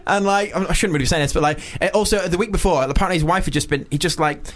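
A man co-hosting a casual chat, rambling and animated as he tells stories and acts out what people said. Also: fairly high pitch, racing. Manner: rambling, animated storytelling with voiced quotes. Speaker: podcast co-host.

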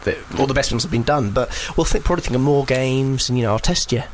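A man's voice: medium pitch, quick pace, a little hiss or hum. A man co-hosting a radio comedy show, bantering casually and reading out a silly tale he wrote, laughing often. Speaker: radio co-host.

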